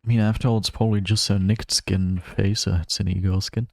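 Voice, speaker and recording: A man's voice: lowish voice, level tone, a little fast, gravelly, darkish tone, no echo. A male streamer chatting casually while playing a game, rambling and laughing often. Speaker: gaming streamer. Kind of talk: casual gameplay commentary.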